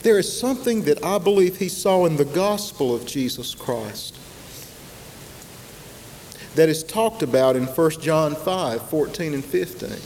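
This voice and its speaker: A man preaching a sermon, slow and emphatic, with dramatic pauses and repetition. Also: on the high side, animated, darkish tone. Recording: long hall reverb, faint hiss.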